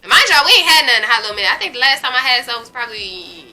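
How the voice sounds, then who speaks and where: A woman's voice: on the high side, rapid-fire, rough recording. Frank, playful young woman in her twenties. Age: 20s. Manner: frank, playful and animated, with drawled asides. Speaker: vlogger. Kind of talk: candid casual talk to camera.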